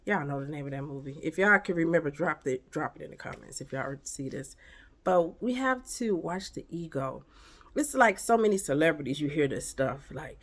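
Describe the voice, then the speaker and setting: A woman's voice: deep voice, animated, moderate pace. A woman giving a casual spiritual pep talk to camera, emphatic and preachy, full of rhetorical questions. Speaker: motivational vlogger.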